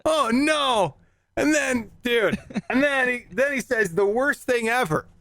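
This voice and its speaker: A man hosting a casual chat show, telling an animated story with lots of laughter and acted-out voices. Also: extremely high pitch, measured pace, no echo. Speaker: podcast host.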